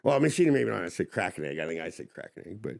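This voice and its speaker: A man's voice: low-pitched, very animated, rapid-fire, vocal fry. A man, a chef, chatting casually on a podcast, laid-back, laughing often and swearing casually.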